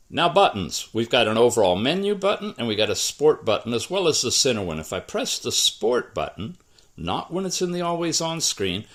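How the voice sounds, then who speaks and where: A man reviewing a smartwatch in a casual, conversational walkthrough, explaining features as he demonstrates them. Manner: casual, conversational, lively pitch. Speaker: tech reviewer. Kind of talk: product walkthrough narration.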